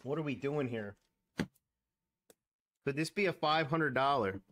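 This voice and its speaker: Host, man, mid-range voice; casual, excitable commentary while scratching tickets. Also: medium pitch, measured pace, slight background noise. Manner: excitable, exclaiming, counting numbers aloud. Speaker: lottery scratch-off channel host.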